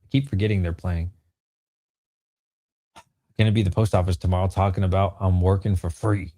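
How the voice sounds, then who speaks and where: A man's voice: low-pitched, level tone, moderate pace, dark tone, no echo, clean studio sound. A man in his thirties chatting casually with a live-stream audience while selling and opening trading cards, in a slangy, joking way. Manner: laid-back slangy talk, frequent "bro" and laughter.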